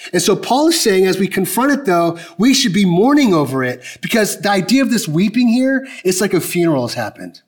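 Emphatic high-pitched male preacher. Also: big pitch swings, brisk, hardly any pauses. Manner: conversational, emphatic preaching with direct questions to the congregation. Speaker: pastor. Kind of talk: sermon.

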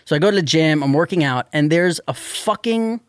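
A man telling a story on a podcast in casual chat, animated and exasperated, swearing often. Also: on the high side, a little fast, dry recording, clean studio sound. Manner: animated, profane, exasperated ranting. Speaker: podcast host.

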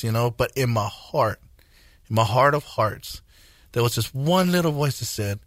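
A man in his forties, a guest minister, telling his testimony in a radio interview, earnest and halting, with many fillers and restarts. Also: medium pitch, animated, dry recording, clean studio sound. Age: 40s.

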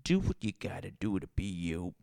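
Man putting on a foul-mouthed Southern bar owner, rambling and gravelly, dry close sound. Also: low-pitched, very animated, moderate pace, warm tone, dry recording, pitched below the performer's own voice, heavily acted. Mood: rambling, preachy. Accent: put-on Southern US. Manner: crude, rambling, swears a lot. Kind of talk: improvised character comedy.

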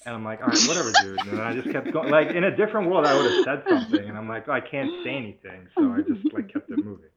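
A man co-hosting a podcast, telling stories in a relaxed way and laughing often as he talks. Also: a little high, quick pace, few pauses, over a noisy crowd. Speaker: podcast co-host, former prosecutor. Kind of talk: casual podcast conversation. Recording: dull podcast audio.

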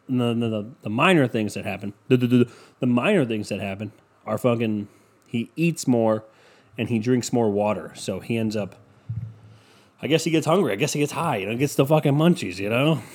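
A man with a mid-range, slightly mellow voice hosts a casual solo podcast. He rambles, swears freely, and fills his talk with "you know."

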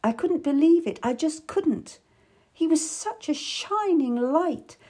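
A woman's voice: sits high, animated, takes it slowly, dark tone, pitched above the performer's own voice. A woman voicing a worldly, tough middle-aged lady courtier who speaks wistfully and with sudden bitterness, for an audiobook. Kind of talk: audiobook character voice.

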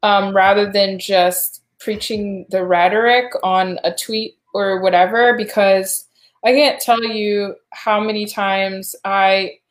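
A woman's voice: medium pitch, steady tone, slow pace. Thoughtful woman in a roomy echo. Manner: thoughtful, rambling, with fillers and restarts. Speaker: podcast co-host. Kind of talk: casual podcast chat.

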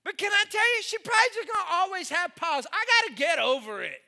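A middle-aged male pastor preaching with a very high, piercingly bright voice. He tells humorous stories with animated delivery and sudden shouts. His voice rings out with the long reverb of a big hall. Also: fast, vocal fry. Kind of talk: sermon.

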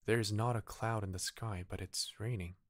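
A man voicing a small, kind-hearted male bird in a bedtime story, speaking in a curious, gentle way. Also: lowish voice, fairly even intonation, normal speed, dry recording, studio quality, lightly acted. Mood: puzzled.

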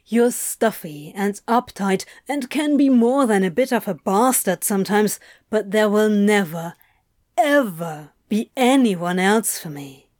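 A woman's voice: mid-range voice, expressive, measured pace, darkish tone, no room sound, clean studio sound, lightly acted. A woman voicing a blunt, lovesick man who speaks earnestly and pleads.

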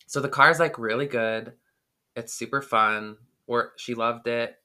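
Man telling a story in a bright voice. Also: medium pitch, a little slow, clean tone. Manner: rambling, filler-heavy, animated retelling. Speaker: podcast co-host. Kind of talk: casual storytelling chat.

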